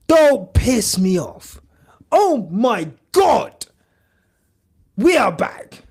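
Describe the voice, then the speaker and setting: Excitable, shouty, high-voiced man. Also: drawn-out words, long pauses, slightly rough. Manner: excitable, shouty, swears a lot. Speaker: podcast host. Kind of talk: live reaction commentary.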